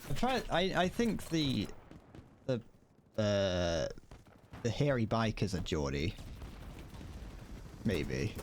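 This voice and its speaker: A man's voice: fairly low pitch, very animated, takes it slowly, long pauses, a little hiss or hum. A British man streaming a shooter game, chatting in a rambling, joking, self-mocking way. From Britain. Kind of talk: casual gameplay commentary.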